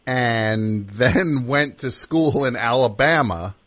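A man's voice: medium pitch, slow, a bit bright, dry recording. Male radio host, dry close mic. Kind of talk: casual radio chat.

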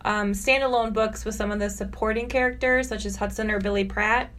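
A woman's voice: medium pitch, fairly even intonation, fairly quick, fairly bright tone, slight background noise. A woman co-hosting a podcast, friendly and reassuring as she asks questions. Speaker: podcast co-host. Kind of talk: casual interview chat.

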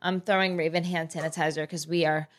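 A woman's voice: deep voice, little pitch movement, brisk. A young woman with a New Jersey accent co-hosts a casual podcast. She laughs often, swears freely and cuts in over her friend. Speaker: podcast co-host. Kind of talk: casual chat.

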